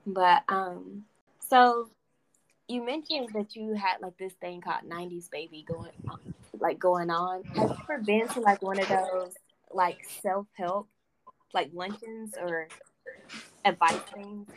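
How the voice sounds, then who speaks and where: A woman hosting a casual interview, asking curious questions in a relaxed way. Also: medium pitch, measured pace, noisy background. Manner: curious, casual, full of fillers. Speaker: podcast host.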